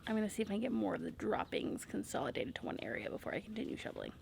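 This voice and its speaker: Chatty homesteading woman with a gravelly edge. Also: mid-range voice, big pitch swings, rapid-fire, loud music behind the voice. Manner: chatty, rambling with fillers. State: out of breath. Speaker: homesteader vlogger. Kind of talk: casual outdoor vlog narration. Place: outdoors on a farm.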